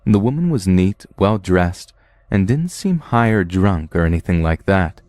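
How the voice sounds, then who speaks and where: A man with a deep, low-pitched voice reads a scripted horror story. His telling is blunt and profane, with a plain, steady delivery. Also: unhurried, no echo. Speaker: narrator.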